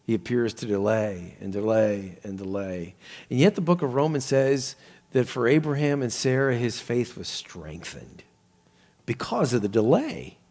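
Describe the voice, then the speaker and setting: A middle-aged man preaching a sermon, animated and rising to near-shouts when he quotes people. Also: mid-range voice, a little slow.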